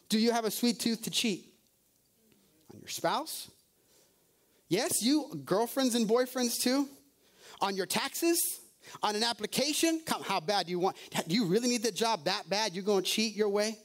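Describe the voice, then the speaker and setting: A man's voice: high-pitched, animated, normal speed. A male pastor preaching a sermon, firing off rhetorical questions and calling out to the congregation. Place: church service.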